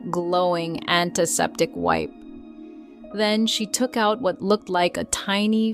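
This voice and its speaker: A woman narrating a children's bedtime story in a soft, gentle, unhurried way. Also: medium pitch.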